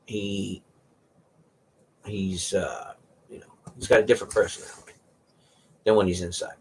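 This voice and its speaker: A man's voice: low-pitched, fairly even intonation, normal speed, a little hiss or hum. A man hosting a casual chat, rambling through stories about his cats and sometimes mimicking their meows. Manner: rambling storyteller, imitates cats meowing. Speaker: host.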